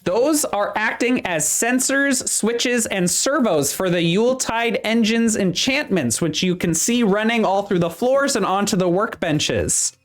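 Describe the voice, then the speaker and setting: A game master voicing a chipper workshop supervisor at Santa's workshop, talking with a Midwestern accent in hurried tour-guide patter. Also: medium pitch, expressive, soft background music, pitched above the performer's own voice, lightly acted. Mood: upbeat. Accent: Midwestern American.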